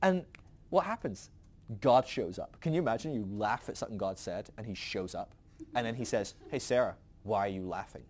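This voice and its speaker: A man's voice: mid-range voice, darkish tone. A man hosting a podcast who teaches from the Bible in a casual storytelling way, laughing often.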